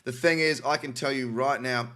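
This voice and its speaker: Australian male host, mid-pitched, casual and cynical, chats between headlines. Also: steady tone, moderate pace, pushed and bright. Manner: cynical, chatty asides while reading articles. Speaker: crypto news host. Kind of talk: casual news commentary.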